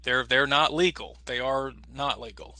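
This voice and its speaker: A man teaching an English as a second language class over a video call, explaining patiently and slowly with lots of fillers. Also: mid-range voice, bright, forceful tone. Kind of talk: online class instruction.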